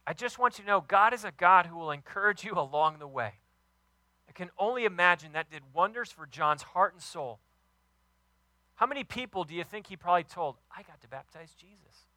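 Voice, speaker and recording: An enthusiastic man in his thirties delivers a sermon, leaning hard on key words and acting out quotes. His voice sits high and sounds very bright and forward. The recording is dry, with almost no room sound. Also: expressive, fairly quick, dry recording, low-quality recording. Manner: enthusiastic, emphatic preaching with acted quotes. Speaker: pastor.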